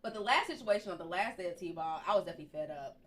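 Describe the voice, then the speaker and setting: A woman's voice: on the low side, racing. A young adult woman hosting a podcast, telling a story in casual chat and acting out what people said. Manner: lively storyteller who acts out what people said. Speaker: podcast host.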